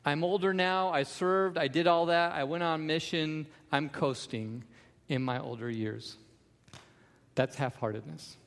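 A man's voice: on the high side, a little slow, vocal fry, long reverb tail. A man preaching a sermon as pastor, emphatic, with repeated refrains.

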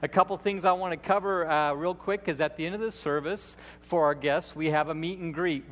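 A man who is the lead pastor, giving a sermon in a church with folksy, playful storytelling. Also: high-pitched. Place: church sanctuary. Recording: long hall reverb.

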